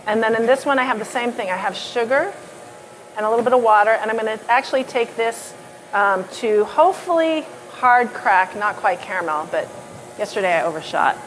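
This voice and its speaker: Her voice a little high and animated, a woman talks fairly quickly over slight background noise. She's a pastry chef lecturing in a hall, walking the audience through a live demonstration step by step in a chatty, filler-laden way.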